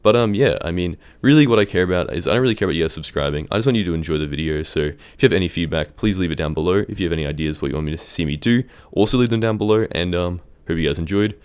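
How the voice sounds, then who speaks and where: A man's voice: low voice, racing, hardly any pauses, darkish tone, clean tone. A young man rambling casually over his game footage, hesitant and full of ums. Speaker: Minecraft YouTuber. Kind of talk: casual gameplay commentary.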